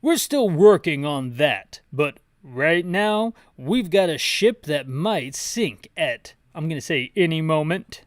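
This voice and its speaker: A man voicing a male soldier making loud, urgent radio calls for a rescue. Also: a little high, animated, takes it slowly, hardly any pauses, dry recording, clean studio sound.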